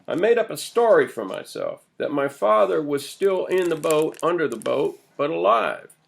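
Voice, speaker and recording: A man's voice: a little high, big pitch swings, normal speed, vocal fry, voice pushed up, heavily acted. A man reading an old villager's first-person tale of his boyhood, told in earnest storytelling. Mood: wistful. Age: older. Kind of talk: audiobook character voice.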